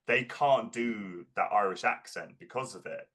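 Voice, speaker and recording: A man, an actor and performance coach, telling animated stories in a casual interview, who often repeats words as he starts. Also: fairly low pitch, a little slow.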